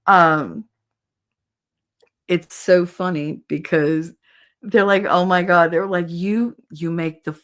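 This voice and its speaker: Animated woman chatting on a livestream. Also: lowish voice, takes it slowly, long pauses. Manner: animated, switches voices and laughs easily. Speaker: livestream co-host. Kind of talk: casual livestream chat.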